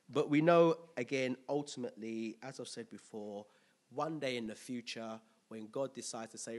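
A man preaching a conversational sermon, telling stories with lively impressions. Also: medium pitch, normal speed. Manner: storytelling with animated impressions and laughter.

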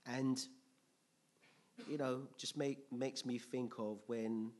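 A man preaching a Bible teaching sermon, repeating key phrases and breaking into loud, excited exclamations, laughing as he digresses. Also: medium pitch. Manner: slow, repetitive, bursts into loud excited exclamations; laughs often, digresses into personal testimony.

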